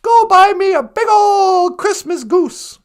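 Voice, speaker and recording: A fretful old miser, man, whiny and exclaiming, put on by a woman telling the story. The voice sits high and carries a gravelly edge. The telling is loose and comic. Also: animated, moderate pace. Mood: eager. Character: grumpy old miser, man, frightened and greedy.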